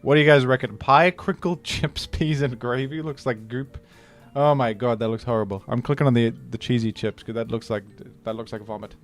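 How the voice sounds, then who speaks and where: A man's voice: medium pitch, fairly even intonation, a little fast, few pauses, faint music behind. Joking man streaming a game. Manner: joking, rambling, exclaims loudly when surprised. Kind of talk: casual live-stream commentary.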